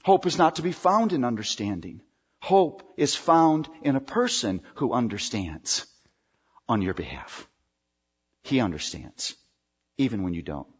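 A male pastor preaching a sermon in an emphatic way, drawing out key words with pauses. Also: mid-range voice, very animated, husky. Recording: dull recording with long hall reverb.

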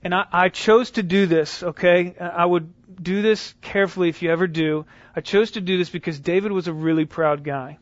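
A man giving an animated storytelling talk, higher voice. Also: moderate pace, few pauses, dry recording. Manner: conversational, animated retelling with restarts. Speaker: speaker teaching evangelism. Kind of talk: storytelling lecture. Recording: dull lo-fi dry recording.

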